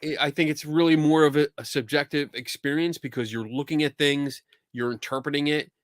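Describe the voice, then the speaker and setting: A man with a Philadelphia accent hosting a casual live show, chatty and quick to laugh and swear. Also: fairly high pitch, steady tone, no room sound, clean studio sound. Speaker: podcast host. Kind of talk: casual livestream chat.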